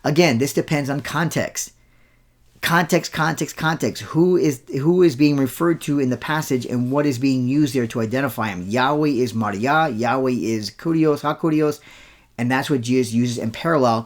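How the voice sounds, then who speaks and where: A man hosting a show, delivering an argumentative rebuttal and hammering his points with repeated words. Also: mid-range voice. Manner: argumentative, insistent, repeats key words for emphasis. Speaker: show host and Bible scholar. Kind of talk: rebuttal commentary.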